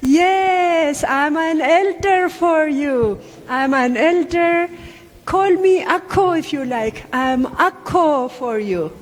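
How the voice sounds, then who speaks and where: Older lady, oromo accent, elder coaxing kids to repeat words, high voice, echoey hall. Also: takes it slowly, slight background noise. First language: Afan Oromo. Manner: coaxing call-and-response, repeating phrases. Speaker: community elder. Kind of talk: speech to children at a community gathering. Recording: reverberant hall with faint ambience.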